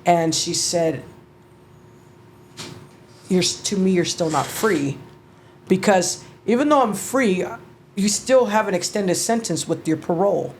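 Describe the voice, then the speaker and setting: A middle-aged woman, an interview guest, telling her story in a halting, emotional way, with restarts and casual swearing. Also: lowish voice, animated, darkish tone, slight background noise. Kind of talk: personal storytelling.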